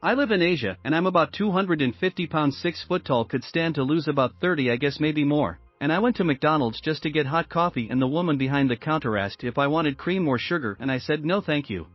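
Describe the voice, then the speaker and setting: Slightly high-voiced male narrator, lo-fi. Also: brisk, few pauses, no echo. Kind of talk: scripted narration of reader posts. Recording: dull lo-fi sound with faint music.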